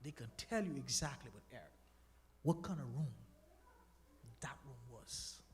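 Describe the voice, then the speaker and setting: A man's voice: medium pitch, measured pace. A man from the Bahamas, telling his testimony to a church congregation and urging them to pray. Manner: animated, preachy exhortation to the congregation. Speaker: guest speaker giving a testimony. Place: church sanctuary. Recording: long church-hall reverb.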